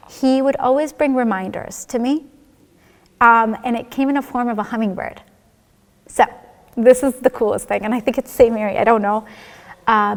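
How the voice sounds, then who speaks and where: A woman shares a personal faith testimony in a relaxed, conversational way that keeps slipping in "like" and "you know." Her voice sits a little high for a woman, and it carries the long reverb of a large church hall. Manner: candid and heartfelt, many fillers like "like" and "you know". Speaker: church member sharing testimony.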